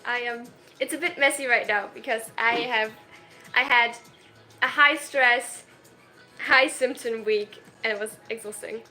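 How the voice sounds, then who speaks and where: Shy, bright-voiced young woman streamer. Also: on the high side, measured pace, soft background music. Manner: shy and self-conscious, hesitant restarts, nervous laughs. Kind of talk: casual live-stream chat, reading viewer comments aloud.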